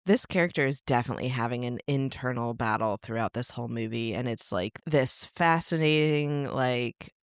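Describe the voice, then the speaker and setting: A podcast co-host with a smooth, clear voice at a middle pitch talks through film ideas with eager enthusiasm, building thoughts aloud. The recording is dry and close-miked. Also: normal speed, few pauses, no echo. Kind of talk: casual chat with film analysis.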